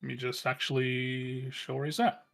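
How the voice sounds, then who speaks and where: A man running a tabletop game as game master, unhurried and pausing often between thoughts. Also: medium pitch, little pitch movement, gravelly, fairly bright tone, faint music behind. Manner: unhurried, with many ums and pauses.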